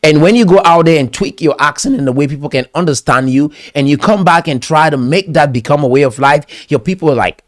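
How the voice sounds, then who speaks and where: A man's voice: mid-range voice, normal speed, dry recording, clean studio sound. A man with a Cameroonian English accent, delivering a motivational talk in an exhorting, preachy manner and repeating phrases for emphasis. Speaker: pastor and commentator.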